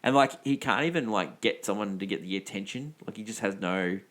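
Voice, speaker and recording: Male co-host, low voice, chatty and rambling, full of "like" and "yeah". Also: fairly quick, fairly bright tone. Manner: rambling retelling, filler-heavy. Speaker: podcast co-host. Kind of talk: casual film chat.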